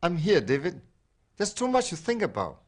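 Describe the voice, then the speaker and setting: A man's voice: sits high, wildly swooping pitch, normal speed, heavily acted. An actor playing an upset, worried father who reproaches and pleads with his son in a radio drama for learners. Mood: pleading.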